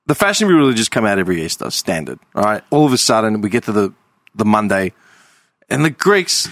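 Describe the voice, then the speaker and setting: A man's voice: on the low side, very animated, fast, a bit bright, dry recording. A man ranting in casual podcast chat, often adding "man" and "right?". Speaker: podcast host.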